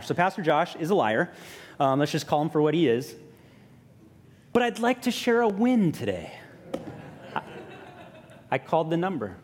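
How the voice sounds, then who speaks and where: A man pastor, telling a personal story in a sermon with lively self-mocking humor, then growing soft and quiet for reflection. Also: mid-range voice, big-room sound, slight background noise. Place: church sanctuary.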